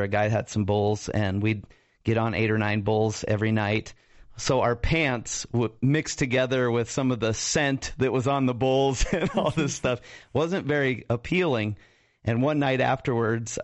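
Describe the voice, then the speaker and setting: A man's voice: medium pitch, no room sound. A man who is a pastor and radio co-host tells his life story as a guest on a talk show. He laughs easily and puts on voices for the people in his tale. His voice comes through a dull, lo-fi remote line with no room sound. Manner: animated storyteller, acts out voices, laughs often.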